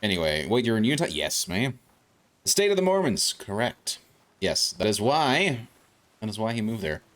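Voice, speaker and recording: A man's voice: fairly low pitch, very animated, moderate pace, fairly bright tone. Chatty South African-born man streaming. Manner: rambling, chatty, reacting to gameplay. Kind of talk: casual gameplay commentary.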